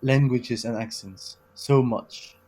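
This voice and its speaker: A man's voice: medium pitch, slow pace, mellow. Hesitant male guest, slight Northern English accent. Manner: hesitant, many fillers, friendly. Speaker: podcast guest. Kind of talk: casual podcast chat.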